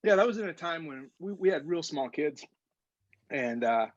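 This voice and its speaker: A man co-hosting a casual podcast chat, halting and laughing, his throat burning and rough from eating a very hot chip. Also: a little high, animated, no room sound. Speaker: podcast co-host, pastor. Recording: dull, dry lo-fi sound.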